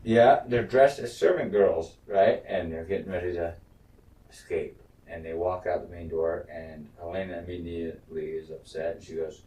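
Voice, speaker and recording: A man's voice: sits low, moderate pace, warm tone, echoey room, distant mic, poor audio. A man co-hosting a podcast, casually recapping a TV episode, swearing, laughing and acting out quotes. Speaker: podcast co-host.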